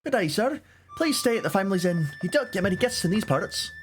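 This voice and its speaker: A man voicing a cheerful young village girl who welcomes guests to her inn in a sweet, high voice. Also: sing-song, quick pace, faint music behind. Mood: welcoming.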